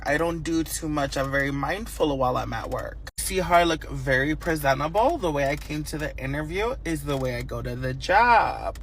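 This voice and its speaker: A man's voice: a little high, a bit bright, a little hiss or hum, low-quality recording. A man doing a sassy, mock-prim comedy skit, lecturing about looking presentable.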